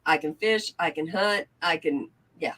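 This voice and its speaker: A woman's voice: deep voice, a little slow, fairly bright tone. A woman co-hosting a casual chat show, bantering in a playful, down-to-earth way. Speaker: co-host.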